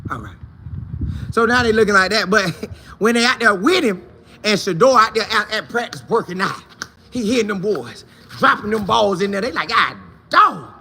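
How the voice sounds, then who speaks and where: A man hosting a casual sports talk show, animated and playful, acting out quoted coaches and players in different voices. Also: high-pitched, moderate pace, slightly rough.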